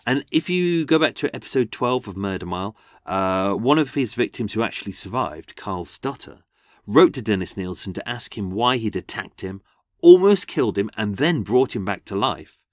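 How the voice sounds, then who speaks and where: A man's voice: fairly low pitch, normal speed, no echo, studio quality. An English man hosting a true-crime podcast in a chatty, wry way. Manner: chatty, animated, wry asides. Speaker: podcast host.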